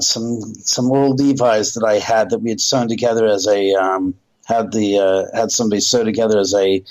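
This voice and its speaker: A man's voice: lowish voice, darkish tone, poor audio. A middle-aged man from Southern California, a radio interview guest, telling long rambling stories and acting out quoted dialogue. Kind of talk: casual storytelling on a radio interview.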